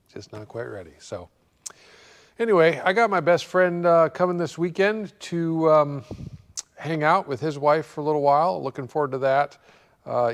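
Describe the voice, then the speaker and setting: A man hosting a car repair show, chatting casually and thinking aloud with lots of pauses in his shop. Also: mid-range voice, in a large hall. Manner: rambling, relaxed, thinking aloud with many pauses. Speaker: host of a car repair channel. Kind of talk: casual talk to camera.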